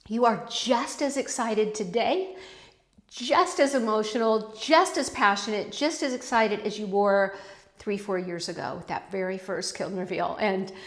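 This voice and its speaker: A woman talking casually through her pottery in a home studio. Her chatty, rambling delivery loops back on itself and sits at an ordinary middle pitch. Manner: rambling, chatty, self-interrupting, warmly emotional. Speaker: pottery vlogger. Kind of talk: casual chat.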